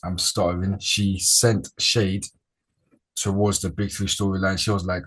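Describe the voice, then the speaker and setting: A man hosting a casual wrestling chat, relaxed and rambling, with slangy sounding talk. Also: low voice, unhurried. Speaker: podcast host.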